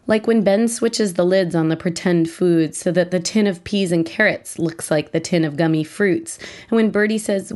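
A woman's voice: on the low side, a little mellow. A woman reading her own personal essay aloud as a mother, in a wry, reflective way.

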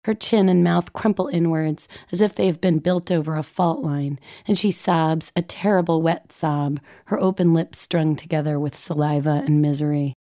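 A woman's voice: low voice, steady tone, moderate pace, hardly any pauses, mellow. A woman, a mother, reading her own personal essay aloud with wry, self-mocking humor. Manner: wry, self-mocking, vividly comic phrasing.

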